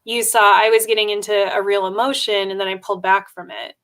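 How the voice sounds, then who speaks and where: A woman's voice: medium pitch, little pitch movement, fairly bright tone. Reflective woman hosting a podcast. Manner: thoughtful, reflective, speaks in halting phrases. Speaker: podcast host. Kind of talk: casual conversational podcast chat.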